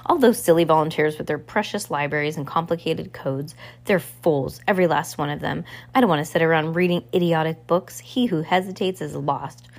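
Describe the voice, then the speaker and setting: A woman's voice: sits low, a little fast, few pauses. A woman voicing a scornful male henchman in a read-aloud storybook. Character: brusque hook-handed henchman.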